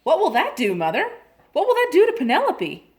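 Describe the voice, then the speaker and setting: A woman voicing an excited, pleading little girl in a storybook reading. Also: high-pitched, normal speed, voice pushed up. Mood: eager. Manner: eager, pleading.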